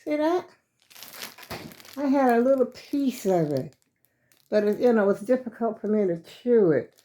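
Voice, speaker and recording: A woman's voice: on the high side, animated, unhurried, dark tone, slight background noise. An older woman vlogging casually from her home, chatty and folksy, a little out of breath as she calls her viewers y'all.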